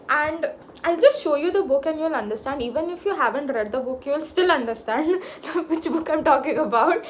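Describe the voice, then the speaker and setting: Excitable young woman gushing. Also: moderate pace, a little hiss or hum. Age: young adult. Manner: gushing and excitable, big pitch jumps, laughs often. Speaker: book vlogger. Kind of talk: casual book review chat.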